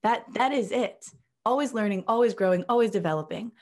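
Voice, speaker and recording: A woman's voice: a little high, fairly quick, a little mellow. Podcast host lady, eager and chatty, talks right to her listeners. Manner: enthusiastic, addresses listeners directly. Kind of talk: casual interview talk.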